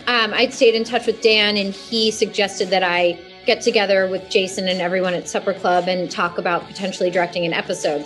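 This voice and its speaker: A woman explaining how she joined a project in an interview, measured and explanatory. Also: mid-range voice, low-quality recording. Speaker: guest director. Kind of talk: interview answer.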